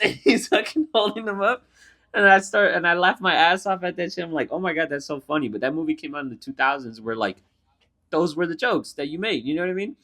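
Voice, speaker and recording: A man's voice: a little high, lively intonation, fast, pushed and bright. A young man co-hosting a podcast in casual chat, retelling comedy scenes with lots of swearing and laughter. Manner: profane, laughing storyteller. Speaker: podcast co-host.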